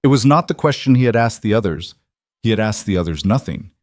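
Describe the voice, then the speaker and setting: A male audiobook narrator telling a fantasy romance in a calm, measured way. His voice is somewhat low. The recording is dry and close with no room sound. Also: dry recording.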